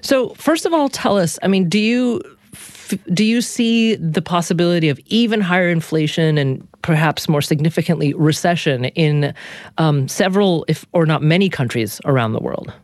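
A woman's voice: low voice, expressive, normal speed, a little mellow, no echo, clean studio sound. A woman hosting a radio talk show, introducing guests and steering the interview in an articulate way. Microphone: studio microphone.

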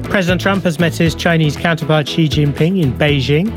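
Male radio host, slightly high voice, formal headlines over music. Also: brisk. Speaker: radio presenter. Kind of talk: scripted news presenting. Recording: music bed under voice.

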